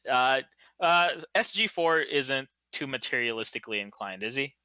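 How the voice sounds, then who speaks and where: A man running a tabletop game as game master, relaxed and hesitant, with frequent laughs. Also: mid-range voice, normal speed, clean tone, dry recording.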